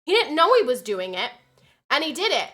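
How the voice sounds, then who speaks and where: A young woman streamer telling a story in casual chat, animated and swearing, acting out quotes loudly. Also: sits high, fairly quick.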